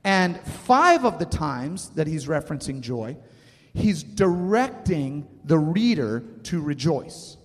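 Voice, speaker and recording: A male pastor in his thirties delivers a sermon in a casual, conversational way, often turning to ask the congregation questions. His voice sits a little high for a man. The sound rings with a long hall reverb. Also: sing-song, takes it slowly.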